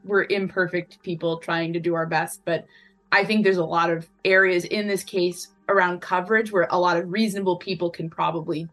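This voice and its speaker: A woman journalist answering interview questions carefully, often restarting her phrases. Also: on the low side. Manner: careful, halting, with many restarts.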